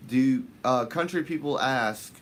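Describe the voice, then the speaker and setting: A man hosting a fishing channel livestream, greeting viewers by name in casual chat, his voice jumping up high on the shout-outs. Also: a little slow, a little hiss or hum.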